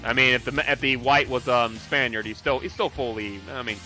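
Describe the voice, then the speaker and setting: A man's voice: medium pitch, fairly even intonation, brisk, pushed and bright, faint music behind. A man from Puerto Rico ranting with heavy profanity on a heated livestream discussion. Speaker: livestream co-host.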